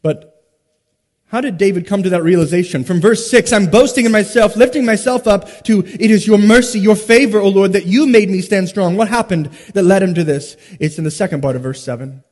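A man with a high-pitched voice preaches a sermon in a large sanctuary, and his words ring out with a long hall reverb. He swings between loud, emphatic stresses and hushed, slowed drops, often pausing on rhetorical questions. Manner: rhetorical questions and dramatic pauses. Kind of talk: expository sermon.

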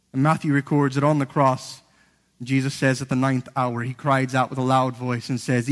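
A man preaching a sermon earnestly, rising to emphatic peaks and sinking to hushed lows. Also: flat delivery, moderate pace. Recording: long hall reverb.

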